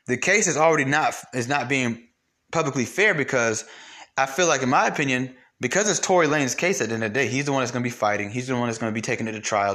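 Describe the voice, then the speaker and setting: A man's voice: medium pitch, a bit bright. A young man hosting solo commentary, blunt and profane, ranting with mocked quotes. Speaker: commentary host.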